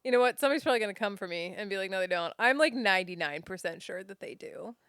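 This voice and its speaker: Smooth-voiced American woman, low-key explaining. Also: animated, rapid-fire, fairly bright tone, no room sound, studio quality. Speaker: podcast co-host. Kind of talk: casual chat.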